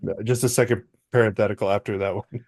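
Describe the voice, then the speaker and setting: Brief: male comedy co-host, lowish voice, dry deadpan delivery. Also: fast. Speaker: podcast co-host. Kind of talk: casual comedic chat.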